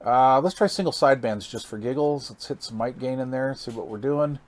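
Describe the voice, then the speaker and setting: A man's voice: mid-range voice, a little fast. A man hosting a casual hands-on radio gear demo, folksy and amazed, thinking aloud while he reads meters and counts into the mic. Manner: counts into the mic during test calls. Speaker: radio hobbyist channel host.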